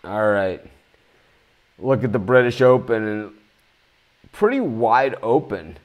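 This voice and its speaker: A man's voice: on the low side, expressive, slow pace. Blunt, swearing male betting-show host. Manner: blunt, ranting, swears freely. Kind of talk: live sports betting talk.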